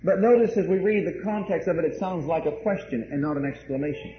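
Male pastor, high voice, emphatic sermon delivery, echoing room with a dull recording. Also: fast talker. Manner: emphatic, repeats key phrases; addresses the congregation directly. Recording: roomy, dull, faint hiss.

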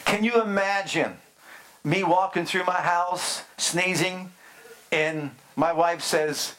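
Male pastor, middle-aged, slightly high voice; deliberate, drawn-out sermon delivery with questions to the flock. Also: steady tone, a bit bright, slight background noise. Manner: emphatic preaching with slow drawn-out phrases and rhetorical questions.

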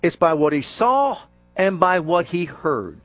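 A male preacher giving a sermon, animated and jokey, acting out scenes as he goes. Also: high-pitched, unhurried, no room sound, soft background music.

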